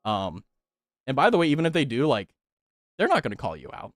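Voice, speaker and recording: A man's voice: mid-range voice, huge pitch swings, brisk, no room sound, soft background music. A male streamer chatting casually with viewers, swearing freely and laughing often.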